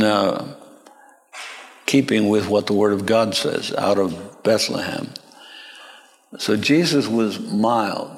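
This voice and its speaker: A man preaching a sermon slowly and deliberately, lifting his voice sharply when he quotes others. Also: mid-range voice, gravelly. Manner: slow, deliberate delivery that rises sharply when quoting. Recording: long reverberant hall.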